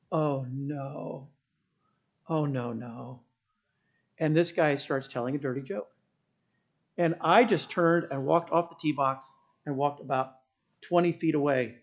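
A middle-aged man preaching a sermon as pastor, telling stories and building to loud, impassioned preaching. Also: fairly high pitch.

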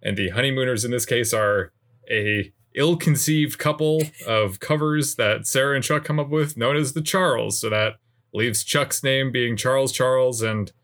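Male podcast host, mid-pitched, musing hesitant casual chat. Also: normal speed, fairly bright tone.

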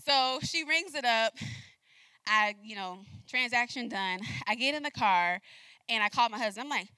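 A young adult woman giving a message, telling a personal story in an animated way and acting out the dialogue. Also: fairly high pitch, normal speed, clear, resonant tone, no room sound. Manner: animated, acts out dialogue with laughs. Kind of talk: storytelling sermon.

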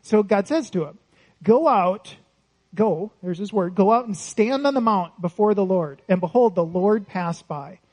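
A man preaches in a church, his voice pitched high for a man. He talks conversationally, often asking the congregation questions and laughing lightly between points. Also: a little mellow, rough recording. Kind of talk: sermon.

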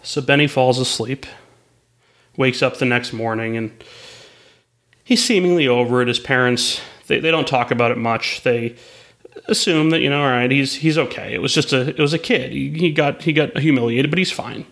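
A man's voice: medium pitch, normal speed, creaky, a bit bright. A man telling a long story in a rambling way, with restarts and asides. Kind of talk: spoken storytelling.

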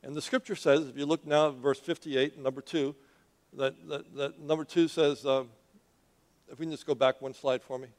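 A man with a somewhat high voice gives a church sermon at a normal speed. His style is animated and chatty, and he addresses questions directly to the audience as the story unfolds.

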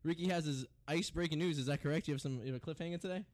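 A man's voice: fairly high pitch, very fast. A young man hosting a college radio show, rambling and joking, goading his co-host. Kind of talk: loose banter and singing on air.

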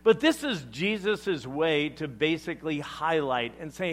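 A man preaching a sermon as pastor, emphatic and animated, leaning on deliberate pauses. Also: fairly high pitch.

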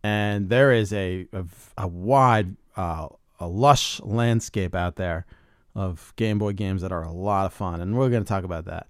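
A man co-hosting a casual podcast, laid-back and joking, with drawn-out fillers. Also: sits low, clear, resonant tone, no echo, studio quality. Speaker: podcast co-host. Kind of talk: casual chat.

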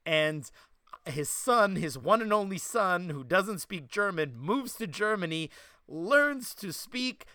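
New York guy, podcast host, animated storyteller, a bit higher voice, dry studio sound. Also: unhurried, dry recording. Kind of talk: casual chat.

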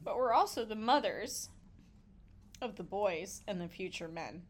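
A woman's voice: mid-range voice, lively intonation, unhurried. A middle-aged woman speaks in a heartfelt, casual way, sometimes near tears and breaking into laughter. Her voice sits in a middle register. She sounds like a pediatrician reflecting among friends. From United States. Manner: heartfelt, tearful at times, laughing. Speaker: pediatrician and podcast guest.

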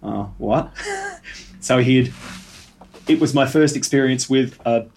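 A man co-hosting a casual podcast chat, telling a rambling anecdote with halting restarts. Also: mid-range voice, huge pitch swings, vocal fry, a little mellow, a little hiss or hum. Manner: rambling storyteller, halting restarts, bursts of laughter. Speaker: podcast co-host.

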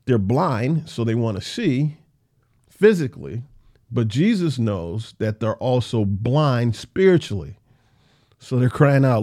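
Warm, lively-voiced Bible teacher man. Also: mid-range voice, takes it slowly. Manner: conversational, repeats phrases for emphasis.

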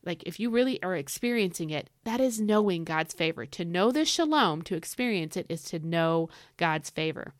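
A woman's voice: on the low side, animated, normal speed, hardly any pauses, dry recording, studio quality. A young woman teaching scripture on her podcast, enthusiastic and getting fired up like a preacher. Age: young adult. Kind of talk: devotional teaching.

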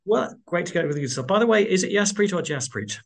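A man's voice: high voice, animated, fast. Chatty male radio host. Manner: chatty, many fillers, upbeat. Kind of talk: radio interview.

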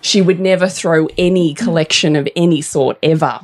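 A woman's voice: on the low side, normal speed, darkish tone. An Australian woman in her forties, a podcast host, telling candid stories in casual chat and swearing freely.

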